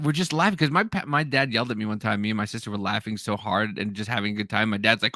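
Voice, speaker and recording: A young man hosts a casual podcast chat, loose and full of swearing. His voice is bright and forceful. The sound is dry and close to the mic. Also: on the low side, quick pace, no room sound. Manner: laid-back, swears a lot, acts out quoted yelling. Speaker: podcast host.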